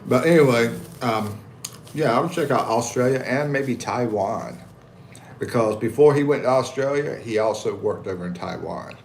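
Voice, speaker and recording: A man's voice: mid-range voice, normal speed, slight background noise. Laid-back American man chatting on a livestream. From United States. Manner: laid-back, chuckling, reads comments aloud with animated voices. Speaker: livestream host reading chat. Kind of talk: casual livestream chat. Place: at home in the Philippines.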